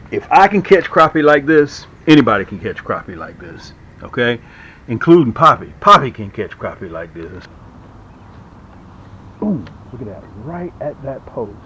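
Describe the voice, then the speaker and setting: Excitable man hyping fishing gear. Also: medium pitch, husky, highs cut off. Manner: excited, folksy, hypes his products. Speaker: fishing vlogger and lure seller. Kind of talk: casual fishing vlog with product pitch. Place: outdoors on a boat.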